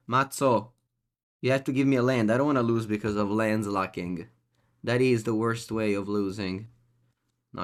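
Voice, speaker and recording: A man with an Italian accent giving live, chatty commentary as he plays, talking to himself and to his chat. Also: fairly low pitch. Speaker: streamer.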